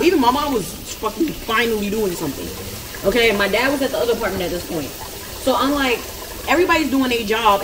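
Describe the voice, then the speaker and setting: A woman's voice: fairly high pitch, background noise. A woman vlogging a story from home, ranting in a heated, profane way. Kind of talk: storytime vlog. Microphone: camera.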